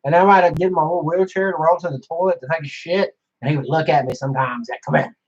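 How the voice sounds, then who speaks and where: A young man rambles through a casual monologue, swearing freely and padding his talk with fillers. His voice sits a little high, and the recording sounds dull and lo-fi. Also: fast. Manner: profane, rambling, frequent fillers. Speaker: vlogger.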